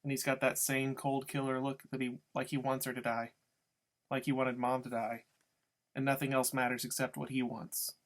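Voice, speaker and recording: A man's voice: mid-range voice, level tone, moderate pace. Man narrating a tense story. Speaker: audiobook reader. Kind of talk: first-person storybook narration.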